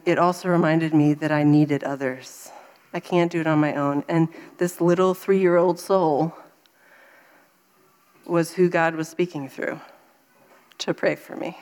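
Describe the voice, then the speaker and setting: A woman in her thirties giving a faith talk, telling a personal story with animated delivery and acting out her own frustration. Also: low-pitched, a little slow, pauses often.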